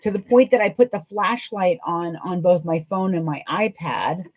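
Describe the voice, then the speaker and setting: Casting: a chatty woman with a slightly low voice, rambling and laughing often as she sews live. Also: normal speed, low-quality recording. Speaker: sewing livestream host. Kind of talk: casual chat while sewing live.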